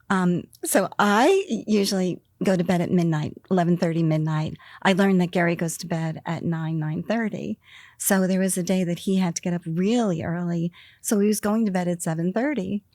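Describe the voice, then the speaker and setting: A woman's voice: lowish voice, no room sound, clean studio sound. An older woman from the US East Coast, a podcast guest telling her story candidly and acting out what was said to her. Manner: animated, laughing, acts out quoted lines. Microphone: studio microphone.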